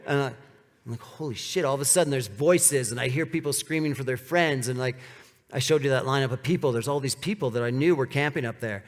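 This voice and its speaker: A man's voice: mid-range voice, fairly quick. Storytelling man in a reverberant hall. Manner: casual, rambling, fillers like "like", acts out quoted dialogue. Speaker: presenter at a speaker series. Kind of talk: live storytelling talk to an audience. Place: event venue with audience. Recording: long reverb of a large hall.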